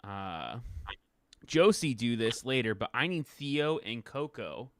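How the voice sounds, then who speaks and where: A man narrating a tabletop game as game master over a video call, relaxed and chatty. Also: mid-range voice, slow.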